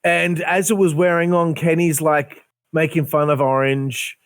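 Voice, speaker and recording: A man's voice: on the high side, level tone, a little slow, dry recording, clean studio sound. A man ranting in a casual podcast chat, swearing constantly and sounding exasperated. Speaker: podcast host. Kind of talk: heated casual rant.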